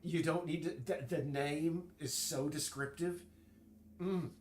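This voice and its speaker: A man streaming, chatting casually in a rambling, halting way full of restarts while he works. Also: a little high, fairly even intonation, a little hiss or hum. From United States.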